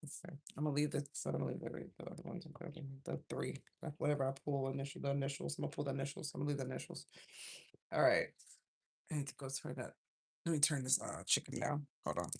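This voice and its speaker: A woman running a casual tarot livestream, chatting and rambling as she pulls cards. Her voice has a gravelly, creaky edge. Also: extremely low pitch, fast talker. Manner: rambling, chatty, self-interrupting. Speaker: tarot reader.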